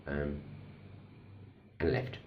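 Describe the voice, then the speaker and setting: A middle-aged man, a recovering addict speaking candidly in a personal vlog, blunt and self-deprecating, telling a story slowly with pauses. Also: lo-fi sound, a little hiss or hum.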